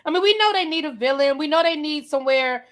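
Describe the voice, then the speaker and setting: Bright, animated woman hosting a chat. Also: high-pitched, quick pace. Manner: animated, emphatic, repeats phrases. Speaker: channel host. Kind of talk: casual live review chat. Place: home, getting ready to go out.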